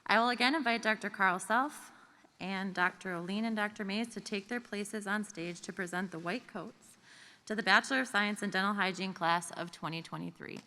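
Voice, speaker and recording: Bright-voiced woman announcing in a hall. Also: mid-range voice, slight background noise. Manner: reads names and hometowns slowly and evenly. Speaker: ceremony emcee. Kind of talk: formal ceremony announcing. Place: large auditorium. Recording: reverberant hall with faint music.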